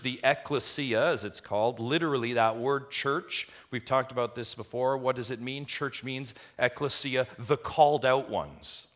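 A pastor with a medium-pitched voice preaches emphatically, packing his sermon with rhetorical questions. He swings between quiet stretches and loud, rising lines.

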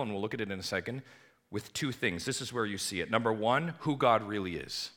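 Bright-voiced preacher man, booming then hushed. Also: lively intonation, brisk. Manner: swings from booming emphasis to hushed lows. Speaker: pastor. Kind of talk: sermon.

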